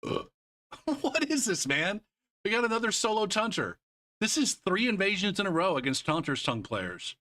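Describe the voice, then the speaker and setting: Bright-voiced man ranting angrily. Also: sits high, sing-song, normal speed. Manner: frustrated profane ranting; rambling off-topic asides. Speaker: game streamer. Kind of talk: live gameplay commentary.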